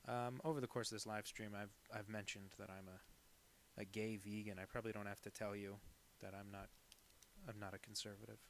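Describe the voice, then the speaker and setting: A man's voice: on the low side, level tone, fairly quick, slight background noise. A man chatting casually on a live stream while drawing, rambling and self-deprecating with lots of asides. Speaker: cartoonist streaming a drawing session.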